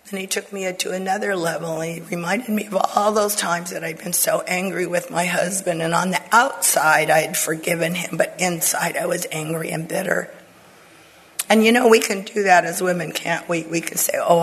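Older lady bible teacher, husky voice, sharing her story, goes soft and whispery at times. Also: fairly low pitch, rough recording. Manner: earnest storytelling, drops to soft whispers for emphasis. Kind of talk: personal testimony in a women's Bible teaching.

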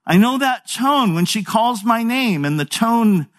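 A man's voice: very high voice, lively intonation, measured pace, fairly bright tone. A man in his sixties, a pastor preaching a sermon in a conversational storytelling way with folksy asides.

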